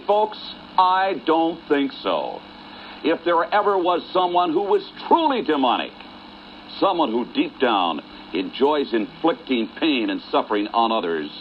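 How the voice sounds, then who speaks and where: A man's voice: fairly high pitch, a little hiss or hum. Indignant male wrestling announcer. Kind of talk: broadcast commentary. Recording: dull archive TV audio.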